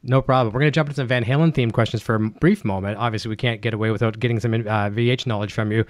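An upbeat man hosting a live online interview, rattling along at a brisk clip. His voice sits dry and close, with no room around it. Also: medium pitch, steady tone, no echo. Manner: upbeat, rapid, enthusiastic. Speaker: livestream host. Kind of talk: live-streamed interview chat.

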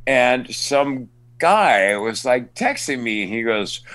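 Brief: male actor guest, mid pitch, lively anecdotes, close dry sound. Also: unhurried, dry recording. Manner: animated storyteller, acts out fans, stammering restarts. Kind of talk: casual interview storytelling.

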